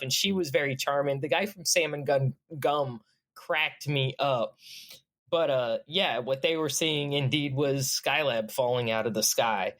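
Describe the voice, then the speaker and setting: A woman, chatting as a podcast guest, enthusiastic and quick to laugh. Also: rumbling low. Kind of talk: casual chat.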